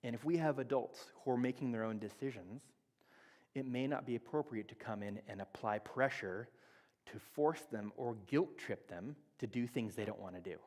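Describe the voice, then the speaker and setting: A man in his thirties talks through a sermon in a relaxed teaching manner, now and then acting out little exchanges. His voice sits in a middle register. The sound carries the long echo of a church hall. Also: medium pitch, normal speed. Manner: conversational teaching, acts out quoted dialogue. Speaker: church speaker. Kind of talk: sermon on relationships. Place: church sanctuary.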